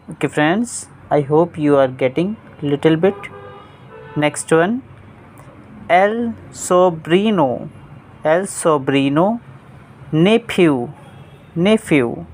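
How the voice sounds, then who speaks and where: Casting: young male tutor, very slow, deliberate repeats. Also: a little high. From India. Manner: repeats each word slowly and clearly. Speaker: Spanish teacher. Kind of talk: vocabulary lesson, word by word.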